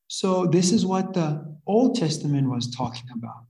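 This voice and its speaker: A man preaching a sermon in an earnest, halting way, often rephrasing and repeating his phrases. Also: on the high side, animated, mellow. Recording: echoey room.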